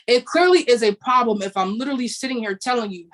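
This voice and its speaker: A woman's voice: fairly high pitch, fast, rough recording. A young woman hosting a podcast, telling a personal story bluntly, with swearing and quoted dialogue. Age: young adult. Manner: blunt, profane, animated retelling with quoted dialogue. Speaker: podcast host. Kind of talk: candid storytelling.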